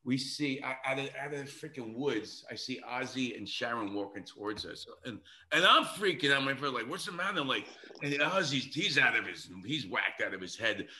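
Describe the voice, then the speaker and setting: A man, speaking in a bright, forceful voice at a middle pitch. He rambles through a long anecdote, excited and swearing freely, like a guest musician on a casual podcast. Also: moderate pace. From New York City.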